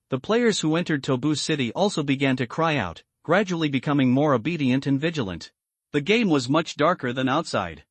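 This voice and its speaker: A man reading a translated comic story aloud as a recap narrator, in a steady, even manner. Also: a little high, breathy edge, no room sound.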